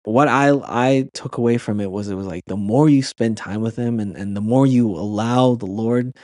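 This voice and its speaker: A man's voice: mid-range voice, moderate pace, a little mellow, dry recording, studio quality. Earnest man telling a story. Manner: earnest, with many restarts and fillers. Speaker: podcast guest, youth camp leader. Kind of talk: personal storytelling in conversation.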